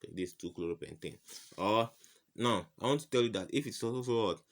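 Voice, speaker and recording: A man's voice: lowish voice, fairly quick. A man tutoring chemistry in an informal lesson, firing rhetorical "what?" questions at the viewer and repeating each answer. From West Africa.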